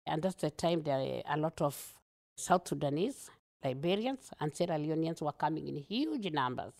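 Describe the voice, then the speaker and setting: Kenyan woman with a gravelly low voice. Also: moderate pace. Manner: earnest, animated, laughs often. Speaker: guest. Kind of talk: personal storytelling in an interview.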